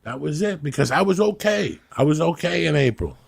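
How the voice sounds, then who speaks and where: A man's voice: a little high, expressive, fairly quick, vocal fry, husky, dry recording. A man in his fifties telling rambling, profane stories in a casual podcast chat. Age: 50s. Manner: rambling, profane, laughing storyteller. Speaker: podcast host.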